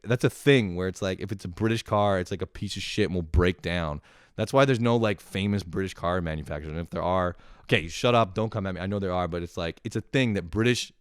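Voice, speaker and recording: Sarcastic swearing young man, lively pitch. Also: clear, resonant tone, dry recording, studio quality. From lives in Montreal. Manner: animated, sarcastic, swears a lot. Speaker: comedian ranting to camera. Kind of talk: profane comic rant.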